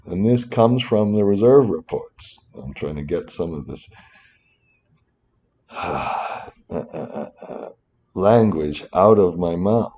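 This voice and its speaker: A man teaches finance over a spreadsheet in a screen-recorded tutorial with lo-fi sound. His low voice is expressive, and he takes it slowly with long pauses, rambling and breaking into muttered asides and apologies.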